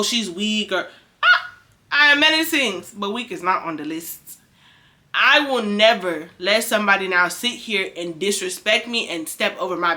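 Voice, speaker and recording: A woman's voice: mid-range voice, sharp tone. A young woman vlogging advice in a casual monologue, firm and emphatic, often repeating her points.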